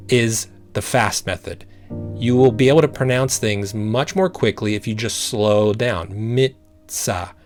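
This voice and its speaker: A man teaching a language-learning method, patient and encouraging, slowly repeating sounds to show how it works. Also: mid-range voice. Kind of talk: explaining a study method.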